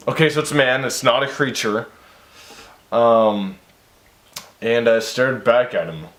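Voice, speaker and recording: A man's voice: mid-range voice, a little slow, long pauses, a bit bright, echoey room. Rambling man reading a story aloud. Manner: stumbles over words, sidetracked, exasperated asides. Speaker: story reviewer.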